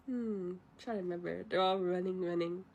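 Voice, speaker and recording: A young woman streamer casually retelling a film from memory, chatty and pausing to recall details. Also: fairly low pitch, steady tone, a little mellow, slight background noise. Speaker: vtuber streamer. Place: livestream at home.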